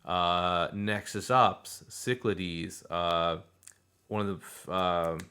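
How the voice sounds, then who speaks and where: A man co-hosting a podcast, chatting casually about board games in a rambling, animated way and laughing often. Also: deep voice, slow pace, slight background noise. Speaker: podcast co-host. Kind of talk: casual board game chat.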